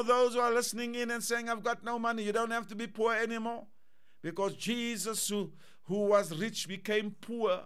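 Male pastor, high voice, clear and smooth, fervent repeated declarations in a sermon. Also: fairly bright tone.

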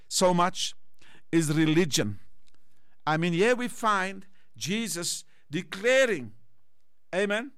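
Male pastor, high voice, clear and smooth, fervent repeated declarations in a sermon. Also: fairly bright tone.

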